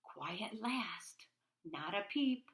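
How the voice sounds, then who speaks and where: Hushed woman reading a bedtime story. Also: medium pitch, expressive, drawn-out words, background noise. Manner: hushed, half-whispered storytelling with playful loud bursts. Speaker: children's storybook reader. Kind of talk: bedtime read-aloud for children.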